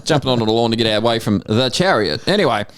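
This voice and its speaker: A middle-aged Australian man in a loose, swearing podcast chat. He talks at an ordinary pitch for a man, with no effort to polish his words. He tells stories with plenty of energy and cuts into the others often. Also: fast talker. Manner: profane, animated storyteller. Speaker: podcast co-host. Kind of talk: casual podcast banter.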